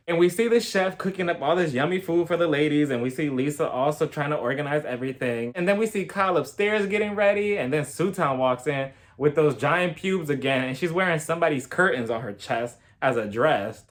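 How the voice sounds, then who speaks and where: A young man giving a sassy, gossipy recap of a reality TV episode in a casual, playful way. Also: on the high side. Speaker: reality TV reviewer.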